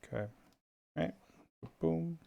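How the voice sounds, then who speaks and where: A man's voice: fairly high pitch, slow, creaky, dull audio. A man teaching a drawing tutorial in a playful, chummy, jokey way. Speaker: art instructor.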